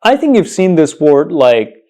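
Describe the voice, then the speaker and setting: A man teaching English pronunciation, repeating each word slowly and putting questions to his viewers. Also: on the high side, very animated, dark tone. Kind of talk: slow, deliberate pronunciation lesson.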